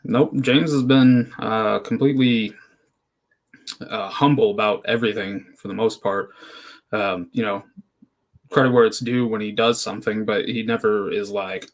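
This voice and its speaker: A man's voice: lowish voice, steady tone, normal speed. A man as an interview guest, easygoing and hesitant, with many ums and you-knows. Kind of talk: casual interview chat.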